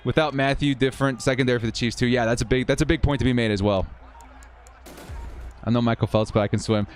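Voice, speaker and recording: A man's voice: medium pitch, quick pace, slight background noise. A man hosting a live stream, casually calling simulated football plays and chatting with viewers between plays. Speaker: livestream host of football game simulations. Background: faint 1980s-style background music.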